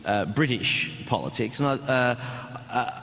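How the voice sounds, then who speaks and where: A man's voice: medium pitch, expressive, a little slow, creaky, bright, forceful tone. A man interviewing on stage, asking questions hesitantly with many fillers. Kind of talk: onstage interview. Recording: echoey hall, faint room noise.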